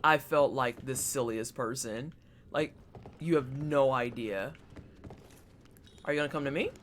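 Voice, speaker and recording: A man's voice: mid-range voice, unhurried, a bit bright. A man streaming a game, chatting casually with his chat and reacting aloud as he plays. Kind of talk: casual gameplay commentary. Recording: clear background noise.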